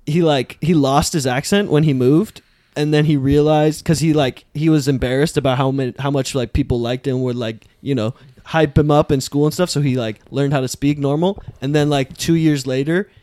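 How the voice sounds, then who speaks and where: A comedian telling stories in a casual chat, rambling with many fillers. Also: male voice, fairly high pitch, fairly even intonation, moderate pace, few pauses, darkish tone, no room sound, studio quality. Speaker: comedian guest.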